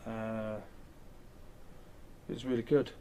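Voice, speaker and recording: A man's voice: fairly low pitch, flat delivery, slow, warm tone, a little hiss or hum. A man, candidly retelling events in an interview and acting out quoted lines, with some casual swearing.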